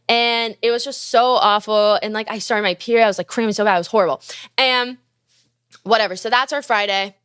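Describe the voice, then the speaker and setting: Young woman, podcast host, casual storytelling, foul-mouthed and animated, dry close sound. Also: on the high side, fairly quick, dry recording. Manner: profane, animated, acts out quoted dialogue.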